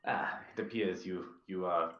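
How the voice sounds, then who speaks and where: A man playing a grandiose thief and former pirate captain who talks in a formal, flowery way with many pauses. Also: sits low, steady tone, a bit bright. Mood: smooth, courteous. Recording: echoey, dull lo-fi room sound.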